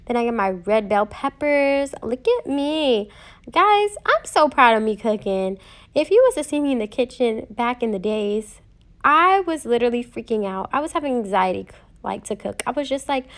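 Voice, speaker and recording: A woman's voice: a little high, vocal fry. A woman home cook talking viewers through a recipe in a casual voice-over, chatty and joking with playful asides.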